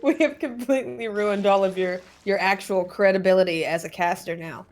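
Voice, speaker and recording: A woman's voice: mid-range voice, brisk, a little mellow. A woman co-casting a live game, teasing and giggly in her banter. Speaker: esports co-caster.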